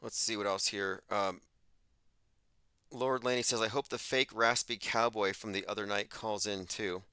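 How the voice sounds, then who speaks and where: A man's voice: fairly low pitch, fairly even intonation, moderate pace, sharp tone, clean tone, no room sound. A man hosting a live call-in show, talking bluntly and dismissively in a lecturing way.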